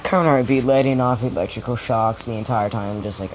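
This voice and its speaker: A man's voice: medium pitch, a little fast, hardly any pauses. A young man improvising a fan-fiction story in a rambling, profane, casual way, with many restarts. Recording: steady background noise.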